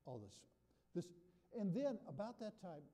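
A male preacher delivers a sermon in a folksy, chatty manner and keeps asking his listeners questions. His voice sits fairly high but sounds mellow. A long hall reverb hangs after his words. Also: very animated, unhurried. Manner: folksy, conversational, asks the audience questions.

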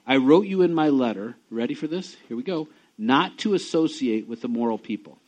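A middle-aged man preaching a sermon, emphatic, dropping low and quiet and then rising loud and high. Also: lively intonation, a little fast, lo-fi sound. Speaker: pastor.

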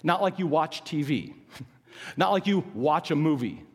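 A man preaching a sermon as pastor, shifting from forceful emphasis to hushed words and calling for responses from the congregation. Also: a little high, animated, measured pace, slightly rough. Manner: swings from loud emphatic preaching to hushed near-whispers. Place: church sanctuary. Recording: long hall reverb.

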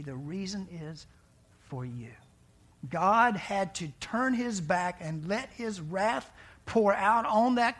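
A man preaching a sermon in a conversational way, asking rhetorical questions and dropping to a hushed voice for dramatic lines. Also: high voice, husky. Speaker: pastor.

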